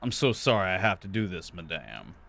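A man voicing a weary, regretful young repo man in a low, murmured tone, reading game dialogue aloud. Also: big pitch swings, fairly quick, gravelly, a bit bright, exaggerated voice. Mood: apologetic.

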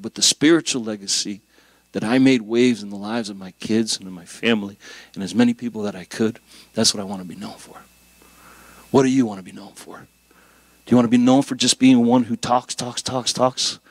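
A middle-aged man preaching a sermon as a guest pastor, conversational and animated, with jokes and rising emphasis. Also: on the low side, dry recording.

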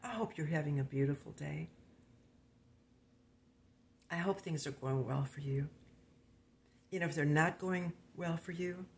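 An older woman pastor giving an earnest, informal sermon, often dropping to a hushed, breathy near-whisper. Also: low voice, measured pace, long pauses, slight background noise.

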